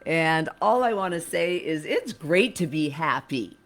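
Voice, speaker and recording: A woman's voice: low voice, lively intonation, unhurried. A woman hosting a chatty livestream show from her home studio, with playful, theatrical, campy humor. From United States. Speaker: host and cabaret singer. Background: music.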